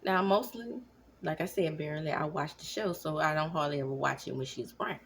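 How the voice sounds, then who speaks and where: A woman in her thirties giving casual commentary at home, animated, now and then dropping into whispers. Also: sits low, brisk, gravelly, slight background noise. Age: 30s. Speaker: vlogger. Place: home, at night.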